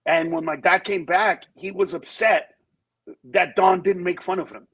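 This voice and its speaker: A man with a somewhat high, husky voice talks frankly as a guest comedian on a talk show. He tells stories in an animated way and slips into other people's voices. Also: a little slow, low-quality recording. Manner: animated storyteller who acts out voices in quotes. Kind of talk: candid talk-show conversation.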